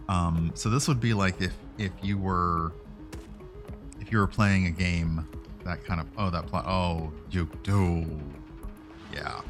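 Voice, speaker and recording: A man streaming a video game, chatting casually and rambling, with frequent fillers and self-corrections. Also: low-pitched. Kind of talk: casual gameplay commentary.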